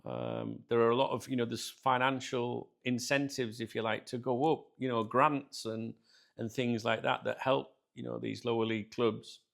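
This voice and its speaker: A British man tells a story straight to his viewers in a loose, chatty way. His voice has a gravelly edge and sits at a middle pitch. He laughs often and keeps calling his audience guys. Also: moderate pace. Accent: British English. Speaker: channel host.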